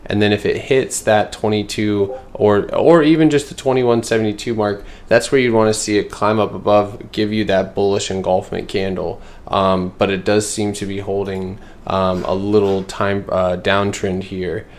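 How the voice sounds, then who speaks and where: Lowish-voiced guy doing a laid-back stock chart livestream, talking to chat. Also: fairly even intonation, moderate pace, hardly any pauses. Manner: loose, filler-heavy, answers chat. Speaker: stock trading streamer. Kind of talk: casual livestream chart analysis.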